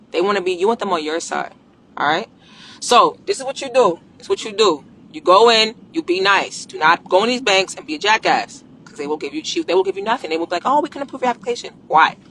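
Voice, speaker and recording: A woman's voice: medium pitch, slight background noise. Blunt slangy woman coaching on a live stream. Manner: blunt, animated, slangy, swears freely. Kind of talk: casual live-stream talk.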